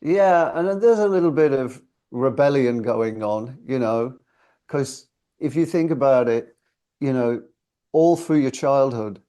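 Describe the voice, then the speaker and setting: A man's voice: medium pitch, animated, a little slow, warm tone, clean tone. A man in his sixties from the UK, a singer guest telling stories in a chatty, reflective and self-deprecating way. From United Kingdom. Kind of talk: casual interview storytelling.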